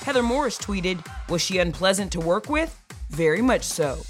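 Lively woman entertainment news anchor. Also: mid-range voice, normal speed, soft background music. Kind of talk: scripted news narration.

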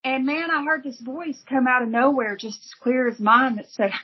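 Woman guest, husky higher voice, earnest vivid testimony, lo-fi sound. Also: fairly even intonation, normal speed. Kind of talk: emotional personal testimony.

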